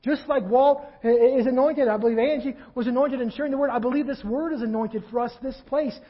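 Husky high-voiced male pastor preaching. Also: steady tone, a little fast, lo-fi sound. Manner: swings from quiet reflection to loud fervent preaching. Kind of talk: sermon. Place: church sanctuary.

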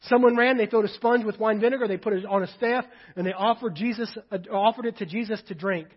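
A pastor preaching with a high, husky voice that moves between forceful emphasis and quiet, hushed passages. The recording is dull and lo-fi, like a church sermon tape. He sounds earnest and direct. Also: fast. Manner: emphatic, swings from loud to hushed while reading Scripture.

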